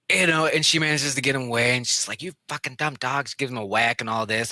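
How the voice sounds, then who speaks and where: A man co-hosting a podcast, telling a story in casual chat, animated and swearing freely, acting out the voices. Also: fairly high pitch, brisk, dry recording. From Illinois area, USA. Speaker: podcast co-host.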